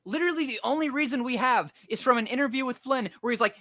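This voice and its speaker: A man co-hosting a casual chat, ranting with a lively voice that jumps high when worked up. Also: fast talker, no echo. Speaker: podcast co-host.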